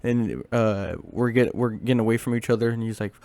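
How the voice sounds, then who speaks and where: A man's voice: on the low side, a little fast, a little mellow, dry recording. A man casually tells a long story from his school days, rambling with many fillers and restarts.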